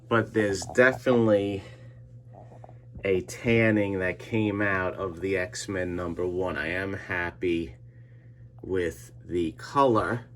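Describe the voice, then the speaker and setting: Low unhurried guy explaining comic restoration to the camera, chatty, repeats himself. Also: fairly bright tone, slight background noise. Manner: chatty, talks to viewers as he works, repeats himself; makes squeaky sound effects in a high voice. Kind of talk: casual hands-on tutorial.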